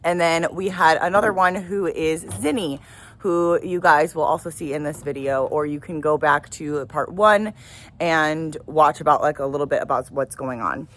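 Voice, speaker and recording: A woman's voice: low-pitched, moderate pace, a bit bright. A young woman who runs an animal rescue, talking casually and emotionally in a vlog, with many fillers. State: pregnant. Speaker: wildlife rescue owner.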